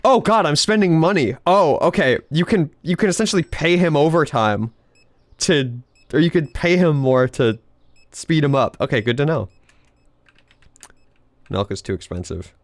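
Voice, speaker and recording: A man's voice: fairly high pitch, expressive, moderate pace, long pauses, dry recording. A man streaming a video game, chatting casually in a rambling way, laughing often and swearing freely. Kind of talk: casual live-stream chat while gaming.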